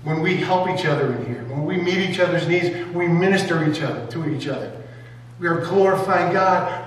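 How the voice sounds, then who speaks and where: A man's voice: fairly high pitch, normal speed. A man preaching a sermon as pastor in a church sanctuary, emphatic and firing rhetorical questions at his congregation. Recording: echoey hall, mic far off, faint hum.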